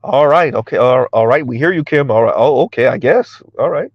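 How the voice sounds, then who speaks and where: A man's voice: medium pitch, lively intonation, brisk, dry recording, muffled recording. A man giving a mocking reaction commentary, stammering and repeating himself as he jeers. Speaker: commentary vlogger.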